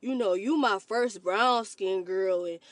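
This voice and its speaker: A woman's voice: medium pitch, a little slow, no echo, pitched below the performer's own voice, lightly acted. A woman mimicking a smug young man on a date who casually makes colorist remarks.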